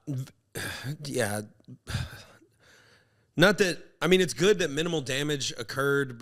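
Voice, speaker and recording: A young man co-hosting a podcast, chatting casually and telling animated stories that he acts out with voices. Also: mid-range voice. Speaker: podcast co-host. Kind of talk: casual chat.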